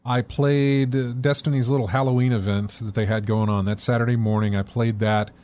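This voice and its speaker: A man's voice: medium pitch, steady tone, darkish tone. Friendly man hosting a call-in show. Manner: friendly, quick affirmations. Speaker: host. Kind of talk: casual chat with callers.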